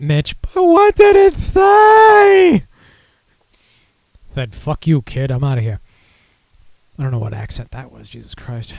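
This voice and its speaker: A man's voice: mid-range voice, darkish tone, no echo. A young man hosting a casual podcast, rambling and self-deprecating with lots of fillers while running through beer news. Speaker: podcast host.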